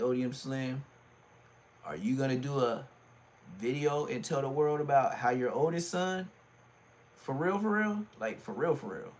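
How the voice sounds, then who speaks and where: A middle-aged man, ranting on his livestream and often jumping into a high, mocking voice. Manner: animated, swings into high mocking voice. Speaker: livestream host.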